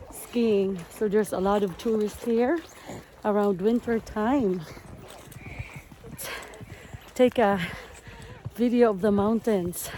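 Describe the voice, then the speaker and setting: A woman vlogging outdoors in the snow on a handheld camera, cheerful and cooing at her dogs in a high voice. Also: dark tone, a little hiss or hum. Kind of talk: casual vlog chat.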